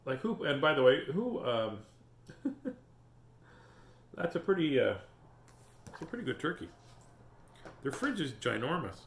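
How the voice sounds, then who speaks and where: A man's voice: a little high, a little slow, long pauses. A man hosting a storytime, reading a picture book aloud and chatting with viewers. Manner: animated, chatty, greets viewers. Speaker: storytime host. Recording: roomy echo.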